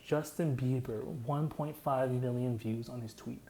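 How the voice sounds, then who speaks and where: A man's voice: medium pitch, a little slow, warm tone, slight background noise, rough recording. A young man casually explaining his own song in a loose, rambling way, full of "like" fillers.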